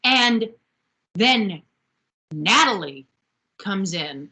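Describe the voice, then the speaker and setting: A woman's voice: medium pitch, very slow, long pauses. A woman co-hosting a podcast, chatting casually as she recaps a TV episode and acts out the characters' lines. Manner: animated, acts out quotes from the show. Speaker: podcast co-host.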